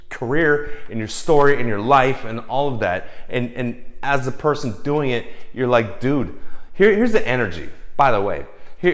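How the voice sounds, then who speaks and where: A man's voice: mid-range voice, fairly bright tone. A middle-aged man giving writers blunt career advice in a casual monologue, swearing freely and restarting his sentences as he works himself up. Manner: blunt, profane, fired-up, lots of restarts and repeated words.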